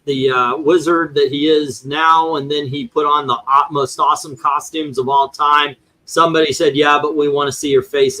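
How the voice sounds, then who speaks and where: A man's voice: fairly high pitch, a bit bright, rough recording. A man hosting a casual chat, rambling through his points with lots of fillers and restarts. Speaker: host.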